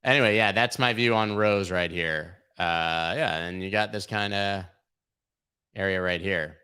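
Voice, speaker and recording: A man with a lowish voice hosts a livestream, talking through market charts in a loose, profane way. He mocks trolls and jokes as he goes. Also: a little slow, pushed and bright, smooth. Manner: irreverent, profane, mocking. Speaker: crypto livestream host. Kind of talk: casual livestream chart commentary.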